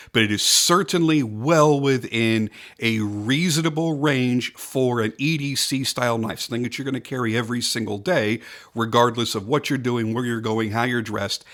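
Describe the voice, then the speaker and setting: Man, knife reviewer, casual product talk, emphatic, repeats himself for stress, mid-pitched voice. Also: a bit bright.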